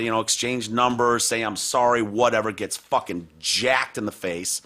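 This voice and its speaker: A man's voice: medium pitch, normal speed, few pauses. A man hosting a podcast in casual chat, telling a story full of swearing and acting out the people in it. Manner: profane, animated storyteller who acts out people he quotes. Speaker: podcast host.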